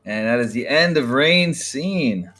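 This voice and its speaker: A man narrating a tabletop role-playing game as game master in a measured, descriptive way. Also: mid-range voice, expressive, bright, forceful tone, soft background music.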